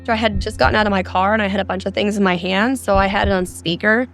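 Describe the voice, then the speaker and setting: A woman's voice: mid-range voice, steady tone, fast, faint music behind. Earnest mother telling her story. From Arizona. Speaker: guest. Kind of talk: podcast interview, recounting her experience.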